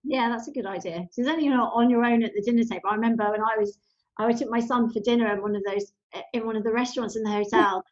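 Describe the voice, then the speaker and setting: A woman hosting a podcast with a high voice slips easily into lively personal stories as she chats with her guest. Her sound is a little dull and muffled. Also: fast talker. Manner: lively, anecdotal storytelling. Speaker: podcast host. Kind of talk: conversational interview.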